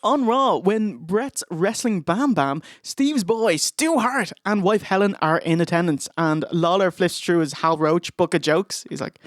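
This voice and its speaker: A man's voice: high voice, animated, unhurried, few pauses, no room sound, studio quality. A man co-hosting a podcast, retelling events with wry humour and frequent laughs. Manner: wry storyteller, laughs often between lines. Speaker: podcast co-host. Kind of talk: casual wrestling review chat.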